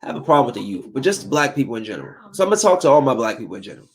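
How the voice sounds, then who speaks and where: A man's voice: medium pitch, big pitch swings, racing. A man hosting a podcast, ranting in a heated, preachy way and scolding his listeners. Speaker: podcast host. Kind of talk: opinionated casual podcast rant.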